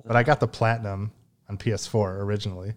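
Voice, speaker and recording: A man hosting a gaming podcast in casual chat, easygoing and quick to chuckle, gently correcting his co-host. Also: lowish voice, steady tone.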